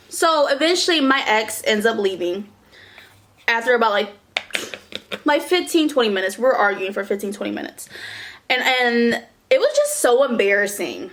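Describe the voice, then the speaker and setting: A young woman vlogger telling a storytime in a casual, animated way, swearing and saying "like" a lot. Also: fairly high pitch, moderate pace.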